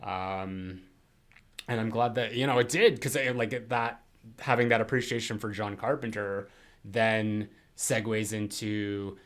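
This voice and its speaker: A man's voice: fairly low pitch, fairly even intonation, measured pace. A man co-hosting a podcast in casual chat, rambling with lots of fillers and frequent laughs. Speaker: podcast co-host.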